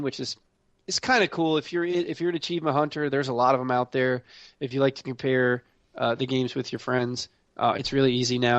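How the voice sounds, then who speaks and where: A man hosting a casual gaming podcast, reading news in a relaxed way with many fillers. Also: mid-range voice, dry recording, muffled recording. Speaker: podcast host.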